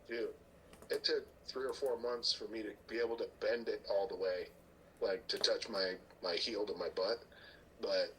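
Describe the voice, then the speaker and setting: With a fairly low voice over poor audio and slight background noise, a middle-aged man who competes in strongman shares stories as a podcast guest. He voices other people's lines with animation, cusses freely, and cracks up at his own tales.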